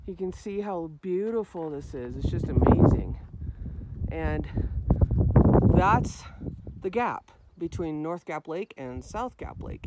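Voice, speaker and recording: Hiking vlogger, man, high voice, admiring scenery, noisy outdoor handheld camera audio. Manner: admiring, exclaiming over scenery. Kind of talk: handheld outdoor vlog narration. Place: outdoors on a high mountain trail.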